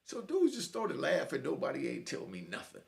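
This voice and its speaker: A middle-aged man tells his story in loose street slang, with a gravelly edge to his voice. His pitch sits a little high and leaps widely, climbing into high meows when he acts out the cat. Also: huge pitch swings, normal speed. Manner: streetwise slang with frequent "you know what I mean". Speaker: prison storyteller. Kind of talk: casual spoken storytelling.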